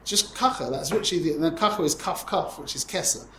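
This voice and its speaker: A man with a somewhat high voice leads a Torah class, animated and quick to restart his sentences. He teaches in an echoey room with a faint murmur of ambience behind him. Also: a little hiss or hum. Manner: animated, uses Hebrew and Yiddish terms, frequent self-corrections. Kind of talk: lively class teaching Tanya. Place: classroom with students.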